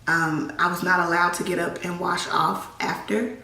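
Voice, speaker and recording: A young woman telling a personal story on her vlog, halting and emotional with many restarts, holding back tears. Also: on the low side, little pitch movement, bright, forceful tone, far from the mic. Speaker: vlogger. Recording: echoey room, voice a bit off-mic.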